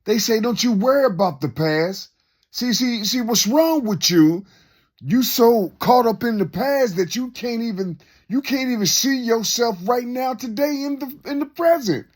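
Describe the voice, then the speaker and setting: Here a man with a very high, animated voice shares reflections at a measured pace. Loose and unscripted, his rambling talk circles back on itself with repetition and rhetorical questions.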